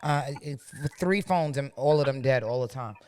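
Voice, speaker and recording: A woman's voice: rumbling low, normal speed, smooth. Blunt, profane New woman. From New York. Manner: blunt, profane, animated storyteller. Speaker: podcast host. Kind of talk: casual chat.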